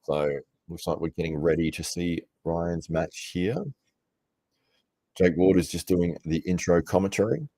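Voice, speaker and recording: Deep-voiced man chatting on a live stream. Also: fairly even intonation, a little slow, mellow, no echo, clean studio sound. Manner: chatty, laughs often, rambles between tasks. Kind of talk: casual live-stream commentary.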